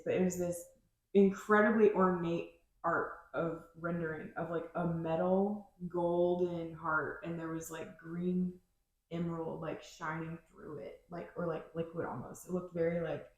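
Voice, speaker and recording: A woman's voice: on the low side, fairly even intonation, measured pace. A woman podcast host in casual chat, rambling and searching for her words with many fillers. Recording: very echoey room.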